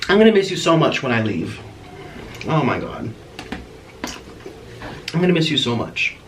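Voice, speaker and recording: A man's voice: mid-range voice, wildly swooping pitch, normal speed, a bit bright. A man hosting a mukbang eating-show vlog, playful and rambling, chatting to viewers and cooing at his pet bird. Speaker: mukbang vlogger. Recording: distant mic with clear background noise.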